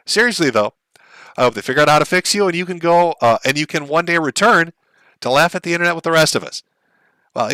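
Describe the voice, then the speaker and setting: Brief: middle-aged male streamer, wry and jokey, bright, fairly high voice, dry close mic. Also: no room sound. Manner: wry, laughs at his own jokes. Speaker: livestream host. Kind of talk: casual stream chat reading viewer messages aloud.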